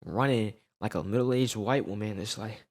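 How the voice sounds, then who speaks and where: A young man telling a storytime tale in casual slang, animated and peppered with "right?" tags. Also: fairly low pitch, moderate pace.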